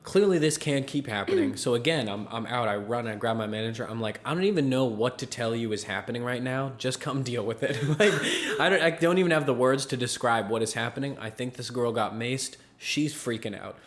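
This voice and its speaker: Man, podcast co-host, casual storytelling, animated, laughing, mid-range voice. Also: medium pitch, brisk, few pauses.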